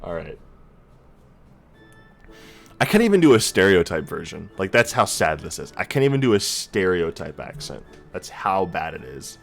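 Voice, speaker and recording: A man's voice: low-pitched, very animated, moderate pace, gravelly, faint music behind. A man streaming a game, chatting casually and poking fun at himself. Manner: chatty, self-deprecating. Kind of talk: let's play commentary.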